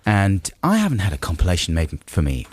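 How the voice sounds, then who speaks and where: A man's voice: low voice, wildly swooping pitch, a little fast, slightly rough. Chatty man co-hosting radio. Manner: enthusiastic, chatty storytelling. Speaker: radio co-host. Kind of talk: comic radio banter. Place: radio studio. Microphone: studio microphone.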